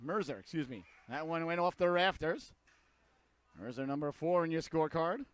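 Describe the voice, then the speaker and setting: A man calling a hockey game play by play, a little hoarse, filling the quiet stretches with rambling jokey asides and rising to loud excitement on shots and goals. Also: a little high, normal speed, no room sound. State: hoarse throat, clearing it. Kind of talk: live sports commentary.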